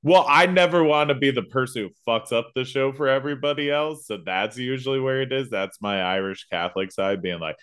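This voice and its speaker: A man co-hosting a podcast, easygoing and quick to laugh in casual chat. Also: medium pitch, a bit bright, clear, resonant tone. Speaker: podcast co-host, comedian.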